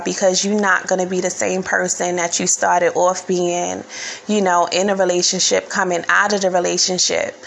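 A woman's voice: medium pitch, gravelly, fairly bright tone, rough recording. A woman, telling personal stories in a casual vlog, candid and rambling, full of fillers and curse words.

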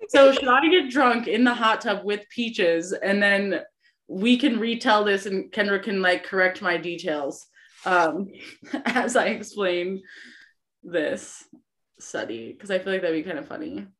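A woman's voice: medium pitch, unhurried, fairly bright tone. A young woman hosting a podcast in casual chat, rambling with lots of fillers and giggles. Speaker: podcast host.

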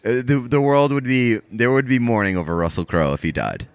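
A man's voice: mid-range voice, a little fast, clear, resonant tone, no echo. A young man co-hosting a podcast in casual chat, laughing often and pushing back in disbelief. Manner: laughs often, incredulous, animated. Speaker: podcast co-host.

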